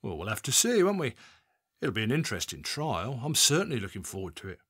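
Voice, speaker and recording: A man reading an audiobook, voicing a smug, leering male criminal suspect who talks in a low, chatty, oily way. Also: big pitch swings, fast talker, a bit bright, breathy edge, no echo, studio quality. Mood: taunting.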